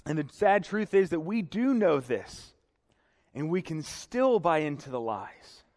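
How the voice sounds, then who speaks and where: A man's voice: fairly high pitch, big pitch swings, unhurried, a little mellow. A young man preaching a sermon to a congregation, earnest and emotional. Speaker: pastor. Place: church sanctuary. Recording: reverberant hall.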